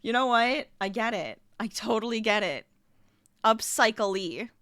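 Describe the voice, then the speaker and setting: A woman's voice: fairly high pitch, animated, moderate pace, fairly bright tone, no room sound, clean studio sound. A young adult woman streamer chatting casually and laughing often while she crochets at her desk at home. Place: home room.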